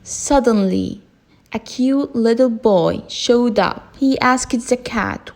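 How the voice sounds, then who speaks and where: Woman narrator for kids' bedtime stories, slow delivery, slight fry. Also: a little high, darkish tone. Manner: slow, simple storybook reading. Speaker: storyteller.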